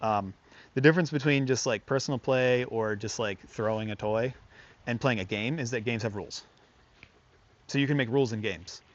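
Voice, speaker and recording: Male dog trainer, casual and chatty, fillers everywhere, mid pitch, muffled lo-fi recording. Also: moderate pace. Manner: chatty, filler-heavy, talks to the dog in bursts of praise and commands. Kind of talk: casual hands-on lesson.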